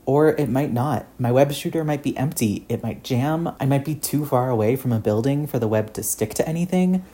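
A man's voice: medium pitch, fairly quick, mellow, pitched above the performer's own voice, lightly acted. A man voicing an earnest, shaken teenage boy hero who stammers and restarts his sentences.

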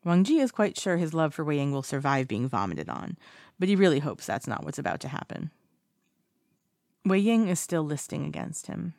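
Low, gravelly woman narrating a story. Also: very animated, moderate pace, a little mellow, no echo, studio quality. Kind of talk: audiobook narration of fiction.

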